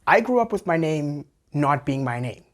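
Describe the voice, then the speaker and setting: Wry comedy host. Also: male voice, on the high side, moderate pace. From South Africa. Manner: wry, animated, jumps into voices. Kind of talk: satirical commentary monologue.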